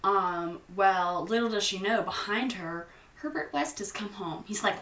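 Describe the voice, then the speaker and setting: A young woman chats through a movie recap, unhurried and playful, acting out the characters' lines. Her voice is bright and fairly high. She sounds a little away from the mic in a roomy space. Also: far from the mic. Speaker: host.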